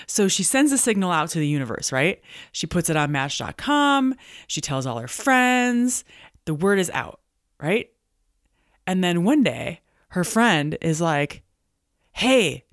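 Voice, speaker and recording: Lowish woman podcaster from montana, animated storyteller, dry close sound. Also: measured pace, dry recording. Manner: animated storytelling, acts out quoted voices. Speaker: podcast host and business coach. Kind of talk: solo podcast monologue.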